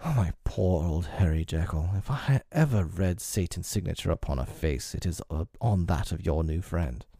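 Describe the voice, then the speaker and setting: A man's voice: low voice, lively intonation, normal speed, hardly any pauses, warm tone, slightly rough, no room sound, clean studio sound, heavily acted. A man reading aloud, voicing an earnest, proper middle-aged lawyer who asks pressing, polite questions. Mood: perplexed.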